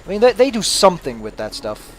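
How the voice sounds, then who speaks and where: High-voiced man ranting over gameplay. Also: sing-song, quick pace, a little hiss or hum. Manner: mock-angry ranting, heavy swearing; apologetic, sheepish asides. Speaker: let's play commentator. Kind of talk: casual gameplay commentary.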